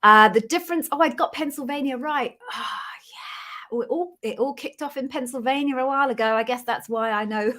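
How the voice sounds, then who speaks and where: A woman's voice: high-pitched, fairly quick, a bit bright. A middle-aged British woman with a cold, hosting a casual live stream from her home office and greeting viewers in an apologetic, chatty way. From Britain. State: has a cold. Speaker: livestream host, former Amazon interviewer. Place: home office with sound-absorbing panels. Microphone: webcam live stream.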